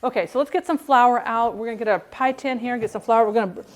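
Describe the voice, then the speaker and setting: A woman's voice: fairly high pitch, fast. A woman hosting a casual cooking livestream from her kitchen, chatting to viewers, humming and singing along, and laughing often.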